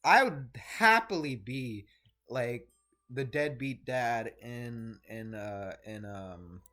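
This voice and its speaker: Young man, bright clear voice, rambling solo vlog, distracted, self-interrupting. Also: mid-range voice, lively intonation, slow. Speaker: vlogger.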